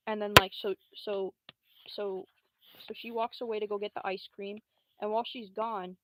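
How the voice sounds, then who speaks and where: A woman's voice: mid-range voice, normal speed, low-quality recording. A young woman livestreamer rambling through a story in a casual, slangy, profane way, with lots of fillers. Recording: loud steady hiss.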